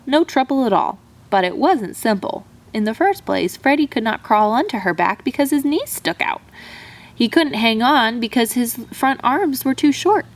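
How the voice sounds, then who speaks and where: A woman teacher reading a children's storybook aloud in an expressive, animated way. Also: fairly high pitch.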